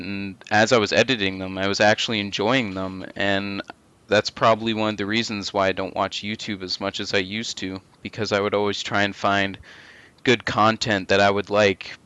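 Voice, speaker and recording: Young man, late teens, bright and crisp voice, lowish pitch, dry close sound, casual gaming chat, candid, swears freely. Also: flat delivery, normal speed, no echo. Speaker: co-host and video editor.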